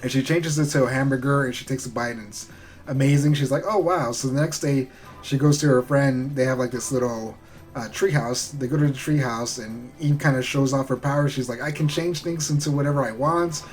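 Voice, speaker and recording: A man's voice: mid-range voice, steady tone, brisk, a little mellow, faint music behind. A man giving a loose, rambling recap of a show episode, full of fillers and the odd swear word. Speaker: show reviewer.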